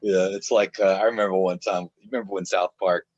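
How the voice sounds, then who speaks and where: A man's voice: sits low, steady tone, fast talker, darkish tone. A man talking casually on a podcast, a rambling storyteller who laughs a lot and often restarts his sentences. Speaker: author guest. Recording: dull, dry lo-fi sound.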